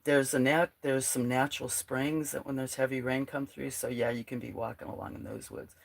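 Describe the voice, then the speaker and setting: A woman with a croaky, frog-like voice hosting a casual livestream, rambling, laughing often and reading out her chat. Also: very deep voice, level tone, brisk. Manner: chatty, rambling, laughs often, drops to a near whisper at times. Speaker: livestream host.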